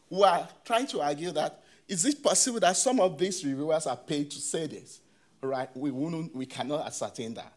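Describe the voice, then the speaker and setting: A man presenting academic research at a conference, talking in a halting way with many "you know" fillers and restarts, and putting questions to the audience. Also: on the high side, lively intonation.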